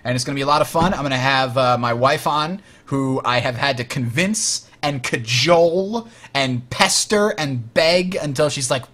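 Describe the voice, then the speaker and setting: A young man hosts a casual gaming show, relaxed, laughing often and talking with many fillers. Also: mid-range voice, normal speed, few pauses. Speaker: podcast and stream host.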